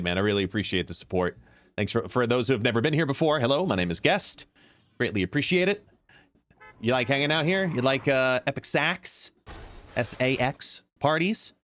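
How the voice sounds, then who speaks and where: This live card-game streamer talks from a seat at home, walking through plays, chatting, and welcoming viewers by name. His mid-range voice is expressive and a bit bright, at normal speed with frequent pauses.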